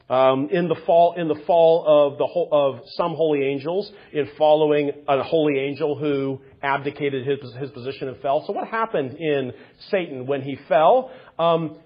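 On a dull lo-fi recording, a man with a slightly high, husky voice gives an unscripted theology lecture. He's discursive and self-correcting, full of rhetorical questions and asides.

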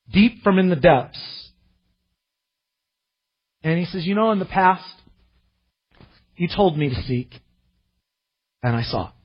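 Pastor, male, slightly high husky voice, earnest sermon, muffled lo-fi church recording. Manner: earnest, swings from loud pleading to quiet.

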